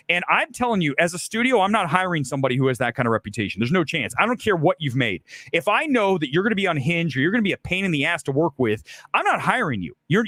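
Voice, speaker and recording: A man's voice: a little high, a bit bright, no room sound. A middle-aged man hosting a live film talk show, speaking bluntly and profanely and acting out quoted lines. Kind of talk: live solo commentary, ranting.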